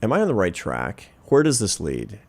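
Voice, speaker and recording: A man's voice: fairly low pitch, wildly swooping pitch, moderate pace, gravelly. A man in his fifties, a social scientist, telling a personal story in an interview, earnest and reflective, building to emphatic points. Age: 50s.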